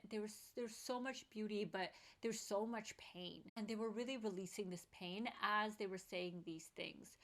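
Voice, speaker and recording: Earnest woman sharing a personal story. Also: medium pitch. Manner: earnest, open-hearted and chatty, with lots of "like". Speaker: vlogger.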